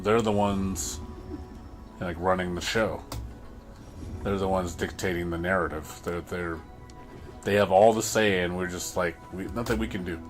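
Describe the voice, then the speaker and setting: Low-voiced man ranting on a livestream. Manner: frustrated ranting, repeats and restarts words. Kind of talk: casual livestream commentary.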